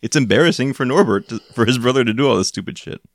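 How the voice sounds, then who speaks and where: A male podcast co-host in loose, casual chat, his pitch swinging widely as he laughs and mimics characters. The sound is dry and close, with no room around it. He talks freely and giggles through his own jokes. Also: animated, quick pace, no echo. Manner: laughs often, acts out characters in silly voices. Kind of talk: casual chat recapping a cartoon.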